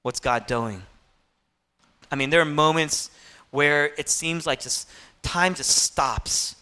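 A male pastor preaching an impassioned sermon, swinging between loud, urgent passages and hushed, quiet ones. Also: fairly high pitch, takes it slowly, clean tone.

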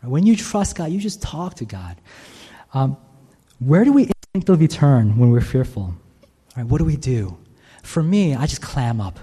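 Guy preaching a sermon, warm husky voice, chatty, keeps saying right, big echoey church. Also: medium pitch, sing-song, normal speed. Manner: conversational, frequent "right?" checks with listeners. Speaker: pastor. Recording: long reverb in a large hall.

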